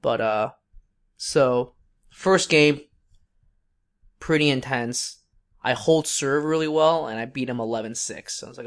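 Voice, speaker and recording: A man's voice: medium pitch, a little slow, long pauses. A young man co-hosting a podcast, telling a long story in a casual, rambling way with many fillers and restarts. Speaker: podcast co-host.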